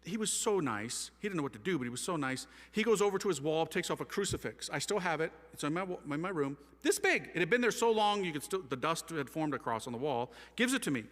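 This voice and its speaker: A man giving an energetic, casual storytelling talk about his life, acting out conversations in slang. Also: on the high side, fast talker, few pauses, big-room sound. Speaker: speaker giving his testimony.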